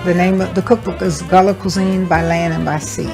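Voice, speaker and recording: A woman's voice: on the low side, level tone, brisk, darkish tone, faint music behind. Woman, homely. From South Carolina, USA. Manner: homely, explaining as she demonstrates. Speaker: caterer and cookbook author. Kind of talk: casual talk while cooking. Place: family yard at an outdoor barbecue.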